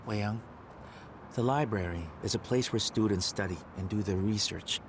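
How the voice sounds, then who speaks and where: A young man dubbing a calm, firm male student in an English drama dub. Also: on the low side, noisy background, natural voice. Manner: firm, measured. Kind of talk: dubbed drama acting.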